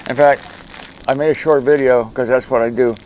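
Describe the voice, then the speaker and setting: A man's voice: mid-range voice, steady tone, a little fast, darkish tone, a little hiss or hum, poor audio. A man hosting his own video show, telling a story in a rambling, chatty way with frequent restarts. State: speech thickened by a swollen tongue. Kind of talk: casual video monologue.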